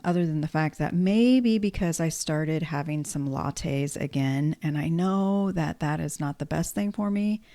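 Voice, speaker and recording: A woman's voice: lowish voice, gravelly, a little mellow. A woman in her fifties chatting candidly to camera, tired, self-deprecating and sarcastic at times. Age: 50s. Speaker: vlogger. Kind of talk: casual chat to camera.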